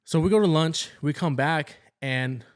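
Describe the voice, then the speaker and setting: A man's voice: fairly high pitch, moderate pace. A young man, a nurse co-hosting a podcast, telling a work story in casual chat and acting out the people he quotes. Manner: animated, acts out quoted people. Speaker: podcast co-host, ICU nurse.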